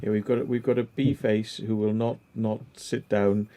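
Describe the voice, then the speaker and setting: Mock-official male airline pilot with a dark, mellow tone, as a man puts him on. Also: lowish voice, level tone, moderate pace, a little hiss or hum, lightly acted. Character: male airline pilot announcing an unruly passenger.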